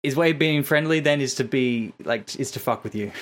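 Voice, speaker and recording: A man's voice: medium pitch, brisk, fairly bright tone. A man co-hosting a podcast, talking in a loose, rambling way and swearing casually. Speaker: podcast co-host and interviewer. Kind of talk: casual chat.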